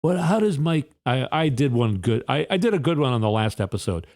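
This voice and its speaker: A man's voice: medium pitch, very animated, fairly quick, a little mellow. A man hosting a solo political commentary podcast, firing off indignant rhetorical questions in a fired-up way. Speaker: podcast host.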